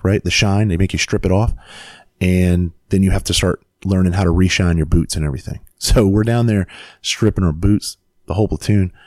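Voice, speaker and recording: Deep-voiced profane male storyteller. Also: darkish tone, no echo, studio quality. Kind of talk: casual storytelling.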